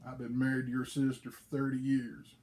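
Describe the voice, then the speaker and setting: A man voicing an unbothered old man who answers the devil flatly. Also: medium pitch, brisk, natural voice. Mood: unimpressed.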